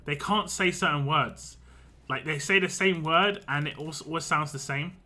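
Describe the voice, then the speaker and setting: A man's voice: a little high, moderate pace, bright, forceful tone. A man, a game streamer, chatting casually and rambling on a live stream, laughing often.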